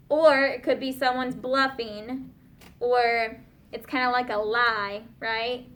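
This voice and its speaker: A woman teaching a class of young students, patiently asking questions and slowing down to spell out and explain words. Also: high voice, fairly bright tone.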